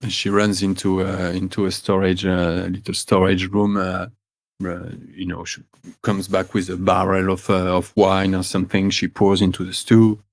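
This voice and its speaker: A man narrating a tabletop game as game master, halting and full of fillers and restarts. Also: low voice, completely flat delivery, no echo.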